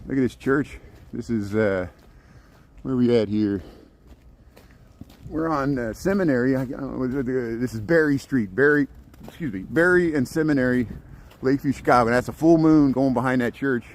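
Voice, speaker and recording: A man's voice: medium pitch, normal speed, pauses often. A middle-aged man walking city streets at night, chatting to his phone camera in a rambling way with many restarts. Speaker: walking vlogger. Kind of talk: casual walking commentary. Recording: faint street and traffic noise.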